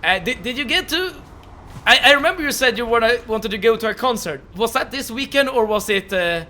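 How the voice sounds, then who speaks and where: Bright-voiced Swedish-accented man streaming. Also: very high-pitched, expressive, brisk, a little hiss or hum. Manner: stammering, repeats words, laughs often. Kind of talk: casual live-stream chat with viewers. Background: soft game music.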